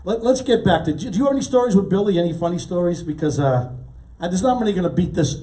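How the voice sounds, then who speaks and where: A man hosting a casual talk show chat, quick with jokes and banter. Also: high voice, animated, mellow, far from the mic. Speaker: host.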